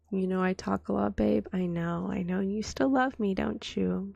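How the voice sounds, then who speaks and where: A young woman with a cold-roughened, hoarse voice, chatting in a whispered role-play as a streamer, soft and breathy and often dropping to a whisper. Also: mid-range voice, dry recording, clean studio sound. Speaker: vtuber streamer.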